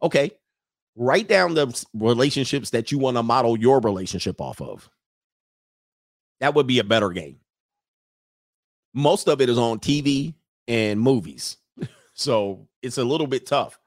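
A man's voice: mid-range voice, animated, normal speed, long pauses, dry recording, studio quality. A man hosting a casual livestream, joking and rambling as he reads out donations. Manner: joking, rambling, breaks into laughter. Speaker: livestream show host.

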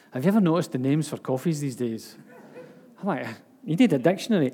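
A man's voice: fairly high pitch, expressive, brisk, warm tone, husky. A man, telling a story in a sermon with dramatic delivery and asides to the congregation. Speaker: preacher. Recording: long hall reverb.

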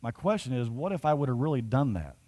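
A man's voice: medium pitch, expressive, quick pace, a little mellow. Man preaching a storytelling sermon. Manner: conversational, building to emphatic. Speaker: pastor.

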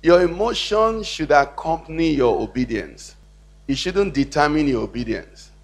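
A man's voice: on the high side, expressive, moderate pace. A male pastor preaching a sermon in church, often checking in with the congregation. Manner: preaching with call-and-response questions to the congregation.

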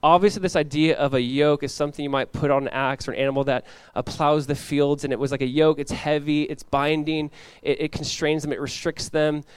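A man's voice: fairly high pitch, clear, resonant tone, dry recording. A man preaching an expository sermon as pastor, acting out the characters he talks about. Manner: animated, acts out biblical characters in quick voices.

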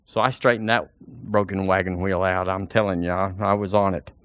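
A man's voice: low-pitched, steady tone, moderate pace, fairly bright tone, no room sound. A man preaching a sermon as pastor, folksy and full of rhetorical questions.

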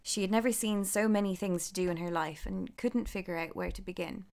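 A woman reading a folk tale aloud, with relaxed, chatty asides. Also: mid-range voice, fairly quick. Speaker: storyteller.

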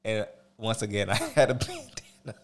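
A man with a lowish voice talking casually and laughing often. He drifts between loud outbursts and quieter, reflective stretches. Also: wildly swooping pitch, normal speed, slight background noise. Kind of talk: casual chat.

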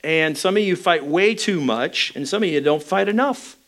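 A man's voice: a little high, animated, moderate pace, a bit bright. A man preaching a sermon, telling a personal story with candid, self-mocking humor. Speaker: pastor.

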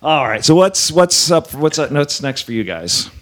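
Animated man with a slight lisp. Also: on the high side, moderate pace. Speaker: podcast host. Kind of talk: casual comedy podcast chat.

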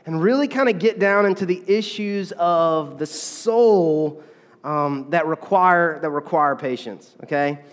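A man's voice: a little high, measured pace, big-room sound. A man preaching a sermon as pastor, in a conversational, chatty way, often checking in with the congregation. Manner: conversational, with frequent "okay?" and fillers.

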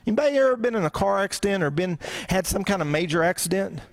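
A man's voice: high voice, expressive, fast. A male pastor preaching a sermon in a conversational way, full of rhetorical questions. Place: church.

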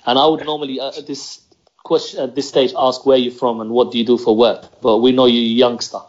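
A man's voice: mid-range voice, flat delivery, a little fast, darkish tone. Wry joking man, lo-fi audio. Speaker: podcast co-host. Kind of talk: casual podcast chat. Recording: dull lo-fi call audio.

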